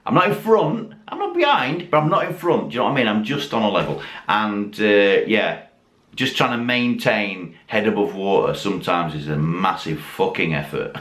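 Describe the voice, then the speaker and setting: Sitting in a dim home room lit by Christmas lights, a tipsy YouTube host talks to camera in a lowish, animated, slightly bright voice at a moderate pace. He rambles casually, cursing and making fun of himself, and the recording is echoey with faint background noise.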